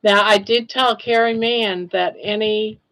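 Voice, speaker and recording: A woman's voice: mid-range voice, steady tone, a little slow, fairly bright tone, poor audio. An older woman hosting a casual livestream, talking in an awed, emotional way and repeating herself. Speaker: livestream host.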